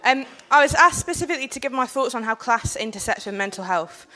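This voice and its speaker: A woman's voice: a little high, animated, quick pace. Young woman giving a fiery speech. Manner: earnest, forceful, with filler ums. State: has a cold. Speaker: panel speaker. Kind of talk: impassioned public speech.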